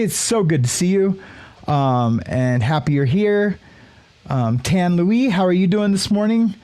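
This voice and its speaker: A male host runs a casual morning livestream, rambling through fillers and restarts while greeting viewers by name. His voice is high-pitched with a darkish tone.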